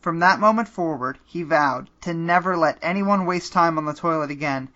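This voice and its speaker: Guy narrating a silly choose your own adventure, dry delivery, bright voice, bit muffled audio. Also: on the high side, normal speed. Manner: dry comedic narration, breaks into laughs. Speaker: podcast host and game narrator.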